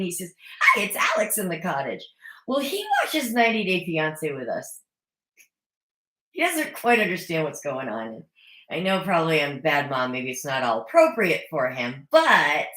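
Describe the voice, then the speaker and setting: A woman's voice: sits low, fairly bright tone. Chatty opinionated woman in an echoey room. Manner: chatty, opinionated, sarcastic asides. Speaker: recap vlogger. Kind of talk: casual recap chat. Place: home.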